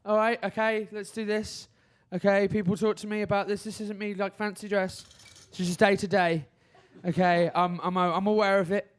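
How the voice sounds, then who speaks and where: A man's voice: sits high, little pitch movement, normal speed, hardly any pauses, clean tone. A young man from Birmingham doing a self-mocking stand-up comedy set, telling stories and slipping into put-on voices. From Birmingham, England.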